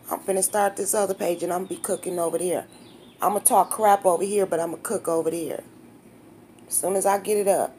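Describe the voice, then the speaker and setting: A woman's voice: medium pitch, darkish tone, a little hiss or hum. Emotional woman in her fifties vlogging. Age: 50s. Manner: blunt, candid, slangy and emotional. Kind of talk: emotional casual vlog talk.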